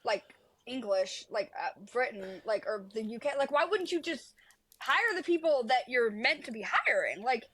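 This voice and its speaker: A woman with a high, light voice co-hosts a loose podcast conversation. She talks bluntly and rambles from point to point, swearing freely as she goes. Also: lively intonation, moderate pace, a bit bright, breathy edge, low-quality recording. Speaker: podcast co-host. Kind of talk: casual chat.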